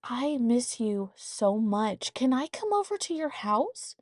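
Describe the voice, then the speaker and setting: A woman voicing a cheerful grandmother calling her granddaughter on a video call, bright and sing-song. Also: on the high side, very animated, slow, no echo, clean studio sound, pitched above the performer's own voice, heavily acted. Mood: eager, sweet.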